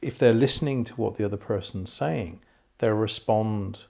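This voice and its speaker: A man's voice: lowish voice, moderate pace, gravelly, a little mellow. A man hosting a casual interview, asking long, hesitant questions full of restarts. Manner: hesitant, many fillers and restarts. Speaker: interviewer and film director.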